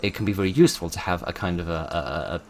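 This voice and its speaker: A man with a very low voice talks through his channel's past and future in a loose, informal way. He weighs each point aloud, stopping and restarting often. A faint hiss sits under the recording. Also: fast. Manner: thoughtful, hesitant, many fillers and restarts. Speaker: channel host.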